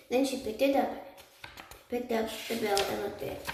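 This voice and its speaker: A woman reading a children's book aloud, slowly, with slips and restarts. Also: on the high side, steady tone, darkish tone. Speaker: reader. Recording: echoey room, far from mic, faint noise.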